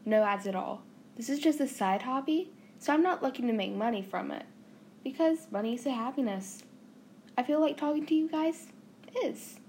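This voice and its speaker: A woman's voice: high voice, animated, normal speed, darkish tone, a little hiss or hum. A young woman from the Southern US with a Southern accent, hosting her own podcast in a bubbly, rambling, joking way. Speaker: podcast host. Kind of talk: casual chatty podcast monologue.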